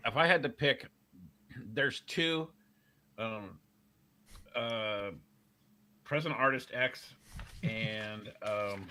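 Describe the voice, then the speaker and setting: A man's voice: lowish voice, sharp tone. A man co-hosting a casual livestream chat, laid-back and teasing. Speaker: co-host.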